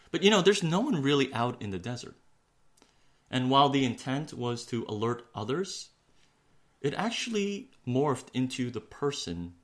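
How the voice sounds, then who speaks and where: A man preaching a sermon in an earnest way, slowing for emphasis and sinking to a hush on key words. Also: medium pitch. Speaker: pastor.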